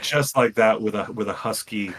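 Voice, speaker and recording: A young man co-hosting a podcast, retelling a story in a rambling, animated way with frequent restarts. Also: fairly low pitch, normal speed. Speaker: podcast co-host. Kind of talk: casual chat, retelling a game.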